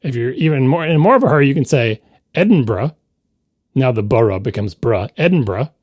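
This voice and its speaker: Podcast co-host, man, animated and explanatory, dry studio sound. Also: medium pitch, fast, no room sound. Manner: explanatory, pedantic, lively. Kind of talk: casual chat.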